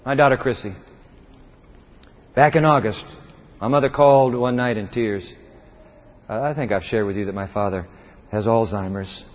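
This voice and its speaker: Middle-aged preacher in a reverberant hall. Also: male voice, mid-range voice. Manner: impassioned preaching, with frequent word repeats and restarts. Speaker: pastor. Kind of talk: sermon. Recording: reverberant, dull lo-fi sound.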